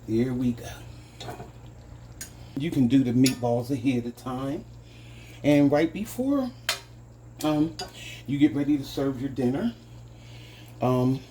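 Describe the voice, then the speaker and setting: A home cooking channel host with a mellow, medium-pitched voice hosts a casual demonstration in his home kitchen, speaking slowly and pausing often. He calls his viewers "guys" and savors each taste with little hums, over a slight hiss or hum.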